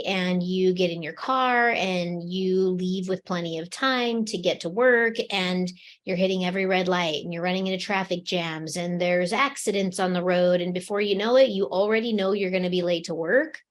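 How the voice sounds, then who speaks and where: A woman's voice: on the low side, moderate pace. A woman co-hosting a spiritual talk show, walking through everyday examples as she talks. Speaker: podcast co-host.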